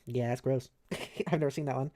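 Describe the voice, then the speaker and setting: An American woman streaming, chatting casually with viewers; she talks fast, slurs her words a little and fills her speech with "like". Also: a bass voice, fairly even intonation, dark tone. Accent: American, maybe New England. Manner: reassuring, chatty, lots of "like" fillers. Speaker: streamer reading a webcomic aloud.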